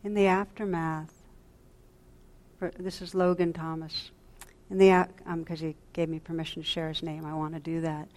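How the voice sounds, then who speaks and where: A woman meditation teacher giving a dharma talk at a retreat, speaking gently and reflectively, often dropping to a soft hush, and pausing to restart her sentences. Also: low-pitched, little pitch movement. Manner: pauses and restarts mid-sentence.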